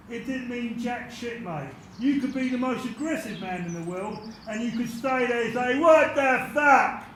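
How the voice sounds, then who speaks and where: A man telling stories in a casual interview, blunt and animated, swearing constantly. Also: high voice, a little hiss or hum. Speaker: interviewee, former doorman. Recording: echoey room.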